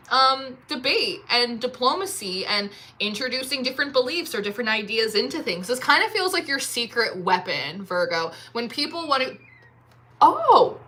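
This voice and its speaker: Woman, tarot reader, casual reading to camera, bright tone, rambling, filler words. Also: fairly high pitch. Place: at home.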